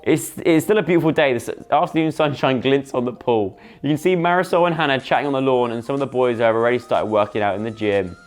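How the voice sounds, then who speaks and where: A man's voice: mid-range voice, quick pace, hardly any pauses, soft background music. A young man, reading a story game aloud as a gaming YouTuber, full of playful, jokey asides.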